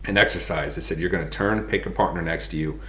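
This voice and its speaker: Very deep-voiced man telling stories. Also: fast, slight background noise. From United States. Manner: animated, laughs as he tells stories. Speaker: podcast guest. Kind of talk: casual storytelling. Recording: roomy echo.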